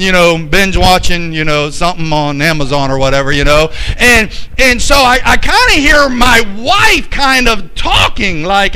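High-voiced preaching pastor, bright tone. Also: male voice, rough recording. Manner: preaching with rising emphatic shouts and drawn-out phrases. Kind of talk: sermon.

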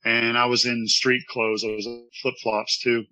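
A former baseball pitcher telling an earnest, rambling story from his office during an interview. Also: level tone, a little slow, pushed and bright, poor audio.

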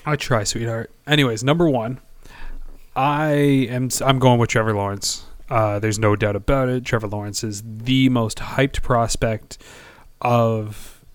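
A man's voice: medium pitch, steady tone, clean tone, dry recording. A man co-hosting a casual sports podcast, rambling and hesitant, often poking fun at himself. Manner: rambling, halting, self-deprecating. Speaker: podcast co-host.

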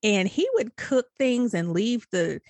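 A woman's voice: mid-range voice, measured pace, no room sound. Candid storytelling woman, dry close sound. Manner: candid, animated storytelling with laughs. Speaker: podcast co-host. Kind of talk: casual chat.

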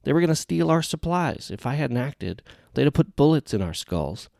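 A man putting on a jittery young gunman, pitched well up and pleading hard, a gravelly edge still under his strained, defensive justifying, as a narrator voices him. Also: big pitch swings, moderate pace, a little mellow, dry recording, clean studio sound. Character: jumpy young male rifleman, defensive.

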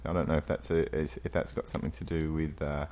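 A man with a very low voice co-hosts a casual podcast chat. He rambles along with plenty of ums and restarts. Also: flat delivery, fast talker, a little mellow. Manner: rambling, hesitant, laughs while talking. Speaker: podcast co-host.

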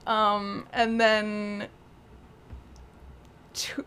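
A woman's voice: mid-range voice, completely flat delivery, very slow, fairly bright tone, clear, resonant tone. A woman co-hosting a podcast, recapping a film in casual chat with wry, amused disbelief. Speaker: podcast co-host.

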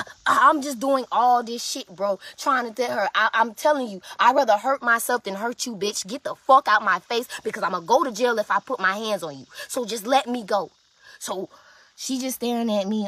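A woman's voice: fairly high pitch, normal speed. Fired-up profane woman telling a story. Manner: loud, profane, fired-up, talks straight to viewers. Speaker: storyteller recounting a fight.

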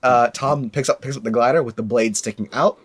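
A young man in casual chat, retelling film scenes in an animated way, with many fillers and repeated words. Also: mid-range voice, brisk, breathy edge. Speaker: movie discussion co-host.

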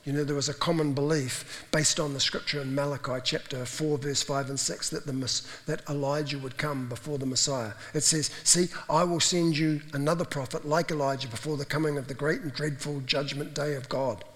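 A man's voice: on the high side, steady tone, fairly quick, hardly any pauses. A man preaching a conversational sermon, acting out the voices in the stories he tells. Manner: conversational, acts out quoted voices. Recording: long hall reverb.

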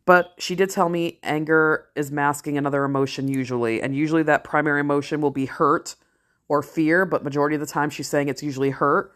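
A middle-aged woman talking straight to camera in a casual vlog, blunt and candid, swearing freely and slowing down to stress key phrases. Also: sits low, fairly even intonation, fairly bright tone. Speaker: vlogger, parent and ER worker. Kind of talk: casual talking-head commentary.

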